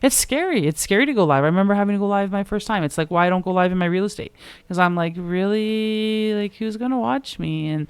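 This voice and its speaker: A woman with a somewhat low voice chats on a podcast, candid and unfiltered, swearing freely as she tells stories. The recording is close and dry, with no room sound. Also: rapid-fire, clear, resonant tone, dry recording. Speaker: podcast co-host, realtor. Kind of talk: casual chat.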